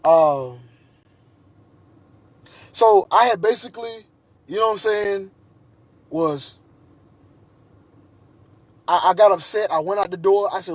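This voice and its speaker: Agitated man, husky and high. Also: slow pace, pauses often, no echo. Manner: agitated, repetitive, restarts often. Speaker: vlogger. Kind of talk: heated personal monologue.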